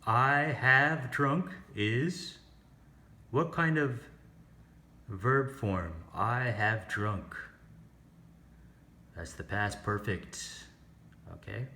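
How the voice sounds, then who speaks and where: A man's voice: mid-range voice, drawn-out words, pauses often, sharp tone, a little hiss or hum. A man teaching an English lesson, explaining grammar and pronunciation step by step and asking the class questions.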